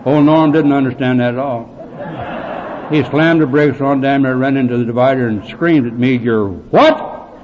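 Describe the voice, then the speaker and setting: A man speaking at a recovery meeting, telling his story bluntly with gruff, dark humor. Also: mid-range voice, fairly even intonation, normal speed, long reverb tail. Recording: tinny phone-like recording with faint hiss.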